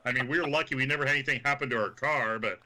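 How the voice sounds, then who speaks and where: A man's voice: mid-range voice, racing. A man from Kansas, a wrestler guest, telling profane stories full of quoted voices in casual chat. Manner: animated, swearing anecdotes full of quoted voices.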